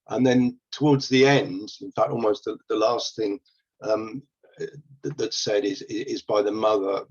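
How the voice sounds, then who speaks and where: A man's voice: lowish voice, breathy edge. A man giving a casual, hesitant talk about old plays, full of ums and restarts, as presenter for a theatre company. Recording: dull lo-fi recording.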